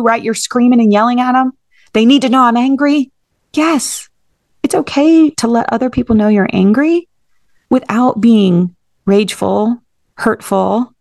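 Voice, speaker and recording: A woman's voice: fairly high pitch, vocal fry, no room sound, clean studio sound. A woman hosting a solo podcast as a therapist, talking straight to the listener and calling them friend. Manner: warm direct address, calls listener friend.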